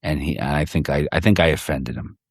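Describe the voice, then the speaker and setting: Deep-voiced man, rambling and profane. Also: a little fast, creaky, slightly rough, no room sound, studio quality. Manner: rambling, profane, many restarts. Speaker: podcast guest, fellow podcast host. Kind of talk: casual in-person chat. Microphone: handheld portable recorder.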